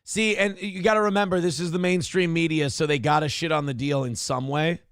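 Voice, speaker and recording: A male morning show host who reacts to the news with blunt, profane commentary. His voice sits a bit high for a man, and the sound is close and dry. He talks in an animated, offhand way. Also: brisk, clear, resonant tone, no echo. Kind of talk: casual political commentary.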